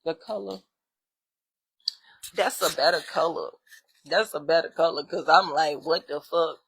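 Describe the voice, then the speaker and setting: Bright-voiced woman ranting bluntly. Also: sits low, unhurried, creaky, breathy edge. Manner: blunt, heavy swearing, animated and exasperated. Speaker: spiritual vlogger. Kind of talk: profane ranting monologue.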